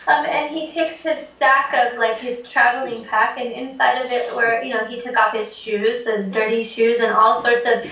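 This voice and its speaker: Speaking at a moderate pace with hardly any pauses, a woman from Tibet tells a folk tale in a flat delivery, her high voice bright and forceful. She's chatty, using many fillers and laughing frequently, recorded from afar in an echoey room.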